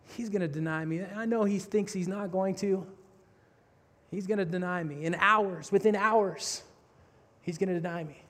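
A man preaching quietly voices a grieving teacher who knows his friends will betray and desert him. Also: high-pitched, big pitch swings, brisk, few pauses, breathy edge, in a large hall, heavily acted. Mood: sorrowful. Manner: hushed and heavy.

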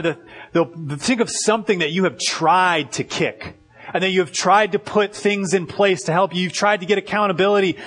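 A man preaching a sermon as pastor, in a loose conversational way full of "like" and quick restarts. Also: fairly high pitch, fairly bright tone.

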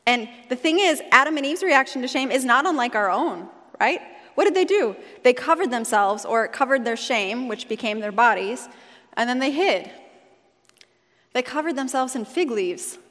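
A woman's voice: high-pitched, lively intonation, moderate pace, a bit bright. A woman pastor preaching a sermon in a conversational, storytelling way, in a church sanctuary. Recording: long hall reverb.

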